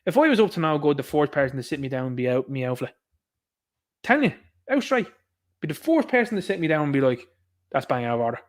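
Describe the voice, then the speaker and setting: A young Irish man rants on his livestream, indignant and sarcastic. His voice sits a little higher than most men's, and he keeps turning to his listeners as lads. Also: very animated, fast. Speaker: livestream host. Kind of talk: ranting livestream commentary.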